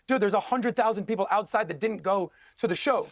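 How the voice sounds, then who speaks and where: A man's voice: sits high, a little fast, no room sound, clean studio sound. A man arguing as a guest in a heated TV debate, combative and sarcastic.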